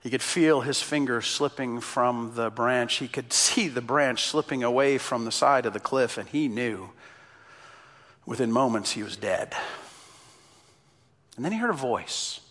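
A male pastor delivering a passionate sermon, building up to loud exclamations and telling stories. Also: mid-range voice, a little slow, long reverb tail. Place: church in Canada.

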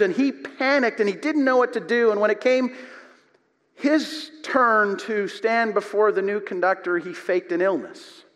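A man preaching a sermon from the front of a church, his voice sitting a little high. He tells stories with animated swings between loud and quiet. The sound carries the long reverb of a large hall. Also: moderate pace. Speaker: pastor. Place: church sanctuary.

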